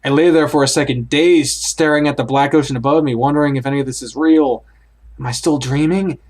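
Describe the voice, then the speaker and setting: A man's voice: a little high, steady tone, a little fast, a little mellow. A man reading a horror visual novel aloud in the first person, acting it out and blurting out startled reactions. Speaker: let's play host.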